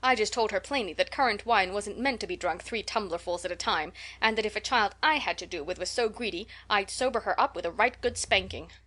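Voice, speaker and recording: Woman voicing a brisk, scolding older spinster, storybook reading. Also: medium pitch, a bit bright, natural voice. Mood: exasperated. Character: stern, sharp-tongued older spinster woman.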